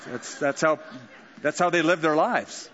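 A man's voice: a little high, a little slow, a bit bright, long reverb tail, highs cut off. A man preaching a sermon in a conversational way, acting out quoted lines with dramatic flair. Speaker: pastor.

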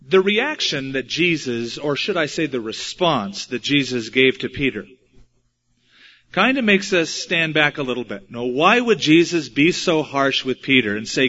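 Male preacher, fairly high voice, dramatic storytelling sermon, dull lo-fi recording. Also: lively intonation, normal speed, fairly bright tone. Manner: dramatic, acts out quotes with shifting pitch and volume.

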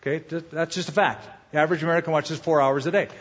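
Husky-voiced male pastor preaching in a hall. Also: fairly high pitch, fairly even intonation, fast. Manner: conversational preaching with humor and repeated tips. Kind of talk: sermon. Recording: dull echoey hall sound.

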